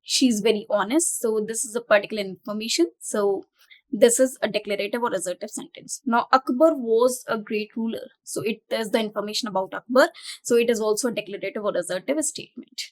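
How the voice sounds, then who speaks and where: A woman's voice: on the high side, brisk. A woman teaching an exam-prep grammar lesson, explaining each point and rephrasing it as she goes. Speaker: English teacher.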